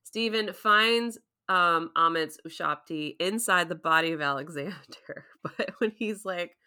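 A woman hosting a casual recap chat, animated, laughing often and acting out scenes. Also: on the low side, measured pace, clean tone. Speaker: podcast host.

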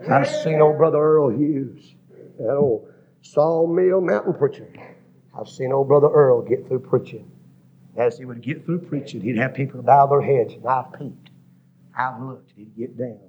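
A man preaching a revival sermon, rhythmically listing words and rising to shouts, recorded in a church. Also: mid-range voice, measured pace, highs cut off, a little hiss or hum.

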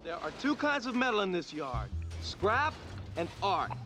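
A high, swooping voice belongs to a young beatnik junk artist. He delivers his lines with theatrical flair, and a clear music bed runs beneath the film clip. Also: big pitch swings, measured pace, exaggerated voice. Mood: wry. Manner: theatrical, rising to an indignant shout. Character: laid-back male beatnik junkyard artist, young adult.

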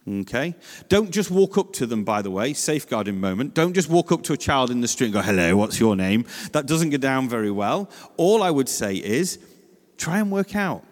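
A man from England giving a chatty, story-driven church talk, acting out the voices in his anecdotes and adding lively asides. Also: mid-range voice, normal speed, long reverb tail.

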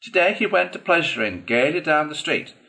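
A man putting on a squeaky, pompous chief weasel. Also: animated, brisk, vocal fry, bright, forceful tone, heavily acted. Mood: smug. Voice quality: high and squeaky. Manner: self-important speechmaking.

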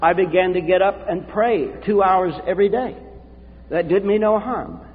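A man preaching a sermon from the pulpit, earnest and confessional, with dramatic pauses. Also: sits high. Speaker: pastor. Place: church sanctuary. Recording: tinny, echoey hall recording.

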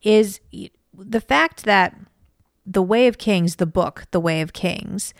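Talking through the book she's reading, this co-host and mother of school-age children is relaxed, thoughtful and analytical, dropping "you know" often. Her medium-pitched voice is slow and creaky, in a dry studio-quality recording.

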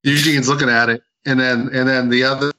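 A man's voice: mid-range voice, little pitch movement, a little fast, sharp tone, rough recording. Rambling man retelling a comic. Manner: rambling retelling with many restarts. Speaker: podcast co-host. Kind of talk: casual comic book review chat.

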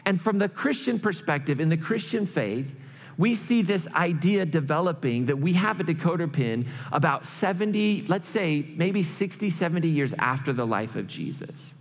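A man preaches in a loose, storytelling way, pausing often to check in with "right?". His voice sits a little high for a man, and the sound carries the long reverb of a large hall. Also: animated. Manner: storytelling, frequent rhetorical "right?" asides. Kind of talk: conversational sermon.

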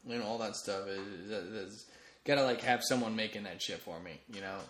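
Brief: lower-pitched male comedian-podcaster, chatty and meandering, roomy echo on the mic. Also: a little fast, a bit bright, a little hiss or hum. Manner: rambling, with frequent restarts and fillers. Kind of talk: casual solo podcast monologue. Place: room, late at night. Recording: echoey room.

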